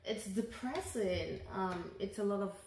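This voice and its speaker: A woman's voice: medium pitch, measured pace, darkish tone. A woman co-hosting a casual podcast chat, talkative and laughing often. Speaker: podcast co-host. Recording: echoey room with faint noise.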